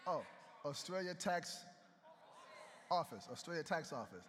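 A man's voice: a little high, expressive, a little slow, a bit bright. A man preaching a sermon in a conversational way and bantering with the congregation, heard in an echoey hall. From United States. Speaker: pastor.

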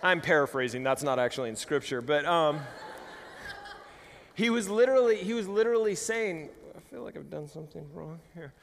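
Animated joking pastor in a reverberant hall. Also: male voice, fairly high pitch, a little fast, creaky, slight background noise. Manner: animated, jokey, acts out voices. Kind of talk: conversational sermon with humor.

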